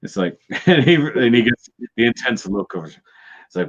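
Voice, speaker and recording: A man's voice: medium pitch, expressive, normal speed, a bit bright, slightly rough. A man hosting a casual review chat, retelling scenes with mocking character voices. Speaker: show host. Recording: dull lo-fi sound.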